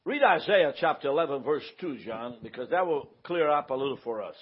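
Guy preaching a bible class, high lively voice, kinda husky, asks okay? a lot. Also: fairly quick. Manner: conversational, asks the room for confirmation. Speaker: pastor teaching a church class. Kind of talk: informal Bible teaching. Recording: dull lo-fi recording.

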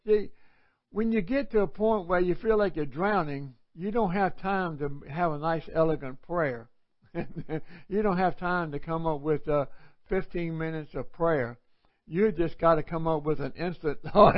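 A man teaching a live Bible study in a folksy, conversational preaching manner, with sudden loud cries. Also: a little high, normal speed. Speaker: pastor. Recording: dull, lo-fi livestream audio.

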